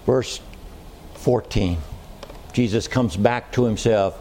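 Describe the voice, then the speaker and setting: Slow, emphatic preaching man. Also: a little high, expressive, a little mellow, a little hiss or hum. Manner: slow, emphatic preaching with repetition and rhetorical questions. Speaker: pastor. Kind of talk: sermon. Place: church hall with a congregation.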